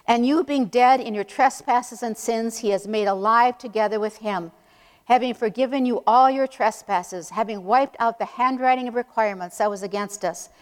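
A woman preaching a sermon in an earnest, emphatic way, slowing down to stress key phrases. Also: a little high, big-room sound.

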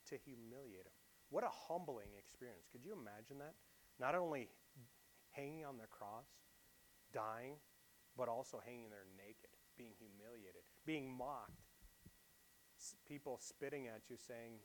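A man preaching a sermon, asking his listeners questions and swinging between loud emphasis and quiet asides. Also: medium pitch, animated, moderate pace, a little hiss or hum. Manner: asks the congregation rhetorical questions.

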